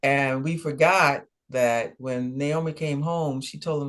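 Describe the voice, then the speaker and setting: Male ministry co-host, unhurried Bible storyteller, playful voices for characters. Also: mid-range voice, fairly even intonation, fairly bright tone. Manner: storytelling, acts out dialogue. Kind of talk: conversational Bible teaching.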